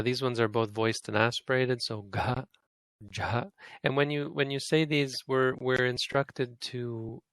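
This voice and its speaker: A man's voice: medium pitch, creaky, a bit bright, no echo. A man teaching a language lesson, patiently explaining and demonstrating sounds over and over.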